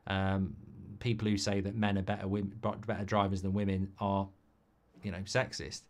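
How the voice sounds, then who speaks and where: Sweary, cynical English football host. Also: male voice, low voice, normal speed. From England. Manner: sweary, cynical, rambling and animated. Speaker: watchalong host. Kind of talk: live football watchalong chat.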